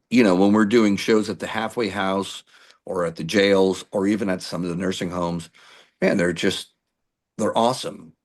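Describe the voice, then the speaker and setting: A middle-aged male musician telling lively stories in an interview, acting out what people said to him. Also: fairly low pitch. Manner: animated anecdotes with acted-out quotes. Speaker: musician guest. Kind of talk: storytelling interview.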